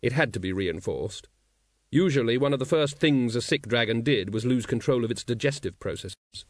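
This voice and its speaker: An audiobook narrator reads a novel in a wry, expressive storytelling style. His medium-pitched voice moves at a normal speed, recorded with clean studio sound and no echo.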